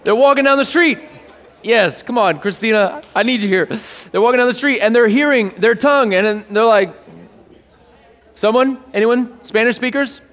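A male pastor with a high, bright voice delivers a sermon in a church hall. He shifts between scripture reading and playful asides, joking with the congregation. The sound carries a long reverb. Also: fairly quick. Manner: playful and animated, jokes with the congregation. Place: church hall with a live audience.

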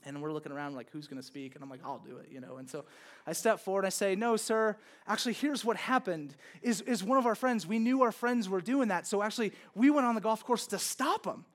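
High-pitched male pastor; relaxed, rambling storyteller style in a sermon. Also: a little fast. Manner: casual storytelling, lots of fillers like "like" and "okay".

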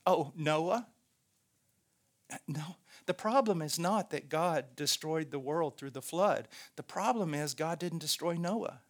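A man's voice: a little high, measured pace, hardly any pauses. A man preaching a sermon, earnest and emphatic, repeating key phrases.

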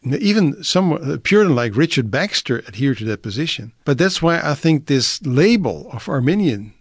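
A man's voice: fairly high pitch, sing-song, moderate pace, husky, no room sound, studio quality. A middle-aged man from the Netherlands, a native Dutch speaker, explaining things earnestly as a guest in an interview. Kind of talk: interview conversation.

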